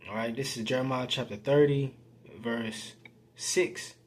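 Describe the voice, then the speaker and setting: A man preaching, reading scripture aloud and commenting on it in casual talk, slow and halting with many fillers and repeated words. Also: mid-range voice, fairly even intonation, slight background noise.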